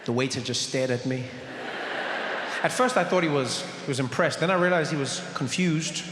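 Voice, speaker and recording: A man telling a story in stand-up, animated, to a live audience. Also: fairly high pitch, moderate pace, heavy background noise. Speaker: stand-up comedian. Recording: echoey hall with loud crowd.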